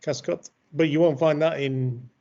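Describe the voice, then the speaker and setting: Chatty host, slightly raised pitch, dull lo-fi call sound. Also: male voice, fairly even intonation, unhurried, warm tone. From Yorkshire, England. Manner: chatty, leading the questions. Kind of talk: casual chat.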